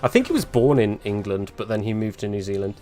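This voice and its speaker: A man's voice: on the low side, quick pace, mellow, faint music behind. A man commentating casually while live-streaming a game, chatty and rambling, laughing often and grumbling about the fight.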